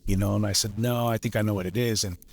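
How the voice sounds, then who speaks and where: A man's voice: fairly low pitch, steady tone, fast talker, vocal fry, darkish tone. A man, a lineman guest from Los Angeles, telling stories in a laid-back way, swearing freely and laughing as he goes. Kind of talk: casual storytelling.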